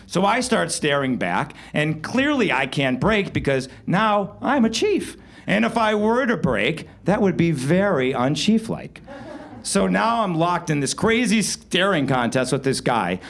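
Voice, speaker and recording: Lively man telling a comic story. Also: on the high side, unhurried, creaky. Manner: wry, animated delivery with sudden loud outbursts. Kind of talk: live comedic storytelling. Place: live show venue.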